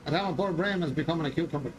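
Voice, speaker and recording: Racing along in a fairly high-pitched voice, an Irish man chats casually while streaming a farming game from his home gaming room. He jokes and repeats lines with a chuckle, and the recording has a little hiss or hum.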